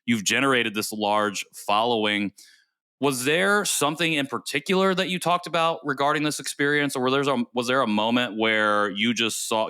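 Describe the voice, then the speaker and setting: A man's voice: on the low side, bright, forceful tone, clear, resonant tone, dry recording. A man hosting a podcast, asking long, thoughtful questions in a casual interview chat. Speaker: podcast host.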